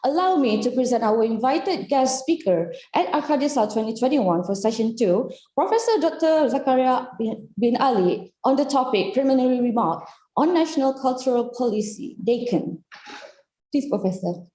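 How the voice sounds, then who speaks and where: A woman reading out a speaker introduction as a symposium emcee, halting at times and restarting. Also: fairly high pitch, expressive, warm tone. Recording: echoey room.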